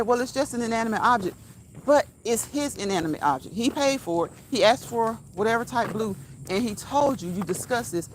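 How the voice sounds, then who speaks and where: A woman's voice: a little high, slight background noise, low-quality recording. A woman talking casually to her viewers while out on a walk, stressing her points by repeating them. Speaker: vlogger. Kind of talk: casual walk-and-talk monologue. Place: outdoors while walking.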